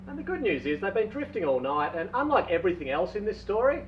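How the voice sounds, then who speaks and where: A man casually telling a long shaggy-dog joke, playful and drawn-out, heard from a distance in a dull recording. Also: high voice, big pitch swings, a little hiss or hum. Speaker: storyteller.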